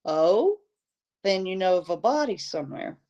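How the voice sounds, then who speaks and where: Woman reading a calm, guarded male biologist. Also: lowish voice, dull audio. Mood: guarded, probing. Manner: smooth, measured questioning.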